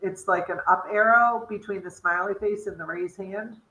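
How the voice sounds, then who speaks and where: Bright-voiced woman on an echoey video call. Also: mid-range voice, fairly even intonation, moderate pace. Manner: picks at wording, fills with "like" and "um". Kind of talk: casual video-call meeting.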